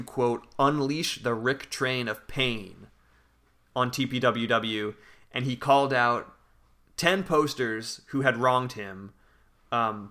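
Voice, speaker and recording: A man's voice: mid-range voice, bright, forceful tone, clean tone. A man casually telling a long internet story on a podcast, reading forum posts aloud. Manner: reads forum posts aloud, breaking into laughter.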